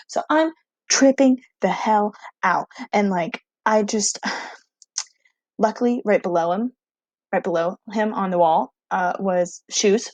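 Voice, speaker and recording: A young female teacher tells her students a casual story with lots of animation, sounding excitable and saying "like" constantly. Her pitch is medium, and there's no room sound.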